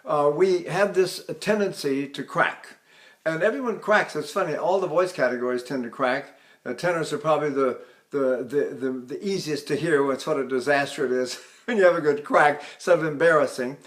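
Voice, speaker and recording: An older man, a voice teacher, explaining singing technique with halting restarts and sung demonstrations. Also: a little high.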